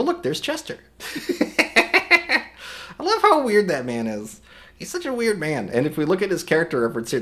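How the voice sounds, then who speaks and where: Slightly hoarse man chatting on stream. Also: mid-range voice, fairly bright tone. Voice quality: rambling, many restarts and repeated words. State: a little hoarse. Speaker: livestream host. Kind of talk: casual stream chat.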